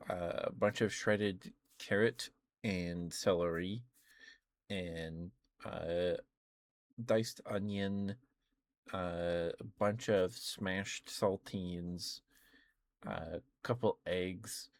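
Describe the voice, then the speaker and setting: A hoarse young man chatting casually on a stream, rambling with lots of fillers. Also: low-pitched, steady tone, very slow, dry recording. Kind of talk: casual chat.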